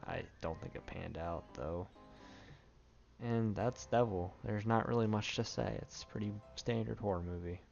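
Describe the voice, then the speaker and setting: A low-voiced man talks through a run of movies in a loose, rambling way, tossing off opinions with amused laughs and restarts. The recording is dull and lo-fi, with faint music underneath. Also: a little mellow. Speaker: movie reviewer. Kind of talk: casual spoken film commentary.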